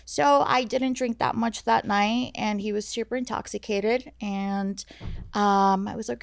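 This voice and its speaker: A young woman telling a painful personal story on a podcast, halting and full of fillers and restarts. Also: mid-range voice, steady tone, gravelly, smooth, no room sound, studio quality. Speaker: guest sharing her story. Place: podcast studio.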